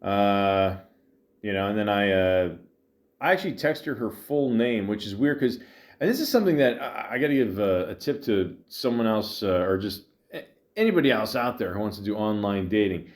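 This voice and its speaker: A tired man hosting a podcast, telling a long rambling story with lots of fillers, restarts and deadpan asides. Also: fairly low pitch, moderate pace. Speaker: podcast host. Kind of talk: rambling comedic monologue.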